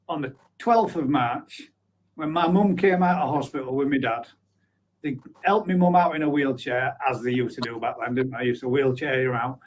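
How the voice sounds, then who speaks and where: A man in his forties with a highish voice hosts a live stream over poor audio. He chats casually, reads viewer comments aloud, and is blunt, swearing offhandedly and laughing a lot.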